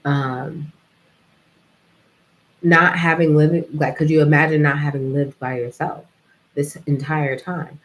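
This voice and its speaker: A woman's voice: low voice, steady tone, takes it slowly, long pauses, low-quality recording. A young adult woman talking in a casual, reflective vlog monologue, rambling and filling her speech with "like" and "you know". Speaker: vlogger.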